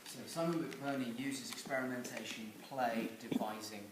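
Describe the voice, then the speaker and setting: A man's voice: mid-range voice, steady tone, moderate pace. A man presenting to a class and then giving the group directions for a reading exercise. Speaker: student workshop leader. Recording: noisy, roomy recording from far off.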